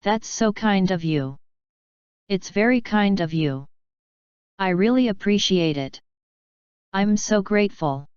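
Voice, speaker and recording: A woman reading short English example phrases aloud one by one in a slow, careful lesson delivery. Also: mid-range voice, animated, a little mellow, smooth, no room sound, lo-fi sound. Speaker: English teacher.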